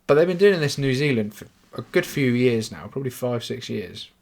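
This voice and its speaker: A man's voice: mid-range voice, animated, fairly quick, gravelly. A young man with an English accent, talking in a rambling, self-mocking solo monologue with plenty of swearing. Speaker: podcaster. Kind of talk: casual monologue.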